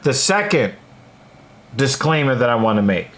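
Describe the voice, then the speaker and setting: A man's voice: medium pitch, very animated, moderate pace. Male streamer answering chat, casual and blunt, mid-range voice, filler-heavy delivery. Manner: chatty, frequent fillers, blunt opinions. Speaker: livestream host reading chat. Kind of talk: casual livestream commentary.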